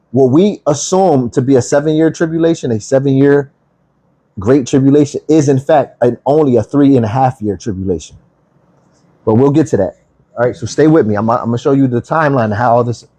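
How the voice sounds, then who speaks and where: A man's voice: medium pitch, mellow. A man teaching the Bible on a livestream, reading scripture aloud and then explaining it, checking in with listeners with "okay?" and "right?".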